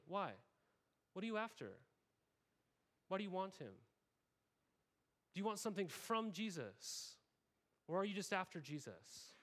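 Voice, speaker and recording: Talkative pastor with a higher voice. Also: male voice. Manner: conversational, frequent "right?" tags, acts out quoted voices. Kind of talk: sermon.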